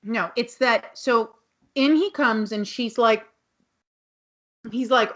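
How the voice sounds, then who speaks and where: A woman's voice: fairly high pitch, takes it slowly, pauses often, a bit bright. A woman co-hosting a podcast, recapping a TV episode in casual chat, swearing and acting out the characters' lines. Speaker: podcast co-host.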